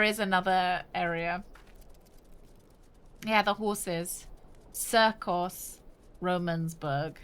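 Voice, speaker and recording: A woman's voice: on the low side, very slow, long pauses, fairly bright tone, clean tone. A woman streamer giving casual let's-play commentary, wry and joking, laughing often.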